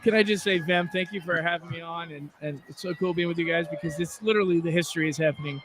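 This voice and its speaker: A man with a high voice calls into a live panel from a crowded rally outdoors. He talks eagerly and with animation, and loud crowd noise fills the background of the phone audio. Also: fairly even intonation, fast. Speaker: guest on a livestream panel. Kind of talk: excited live commentary.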